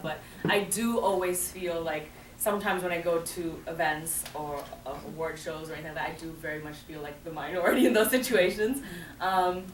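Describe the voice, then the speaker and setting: A young woman rattles off her answers at a live Q&A, animated and quick to laugh. She is caught from far back in a big echoey hall, with faint noise around her. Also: lowish voice. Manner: fast, animated, laughs often. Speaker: guest answering fan questions. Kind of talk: live Q&A talk. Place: large hall at a screening. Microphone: audience phone from far off.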